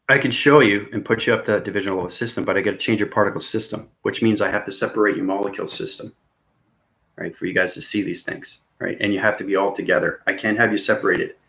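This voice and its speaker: A man's voice: fairly low pitch, fairly bright tone. A man vlogging in a rambling, intense monologue, often checking in with his viewers by asking "okay?" and "right?". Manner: intense and earnest. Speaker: spiritual vlogger.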